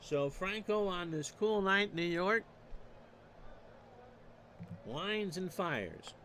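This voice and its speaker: A man calling baseball play-by-play for a streamed replay, measured and stat-heavy with dry asides. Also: high-pitched, lively intonation, pushed and bright, a little hiss or hum. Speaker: play-by-play announcer.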